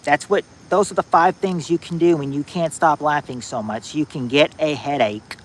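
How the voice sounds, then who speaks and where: A man hosting a casual trivia game on a livestream, reading viewers' answers aloud in a halting, repetitive way, outdoors at night on a phone. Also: fairly high pitch, slight background noise, low-quality recording. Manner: halting and repetitive, restarting phrases, drawling out answers.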